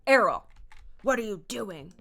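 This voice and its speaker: A woman's voice: lowish voice, lively intonation, a little slow, pushed and bright, exaggerated voice. A woman doing a stern, scolding old father. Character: stern father of the innkeeper, strict and disapproving.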